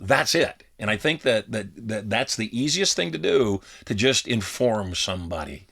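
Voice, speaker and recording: A middle-aged man with a low voice talks on a podcast. He tells personal stories with a steady delivery and slips into quoted dialogue as he goes. He is recorded on a studio mic. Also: normal speed, vocal fry. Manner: storytelling, acts out quoted dialogue. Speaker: podcast co-host. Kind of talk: casual podcast conversation.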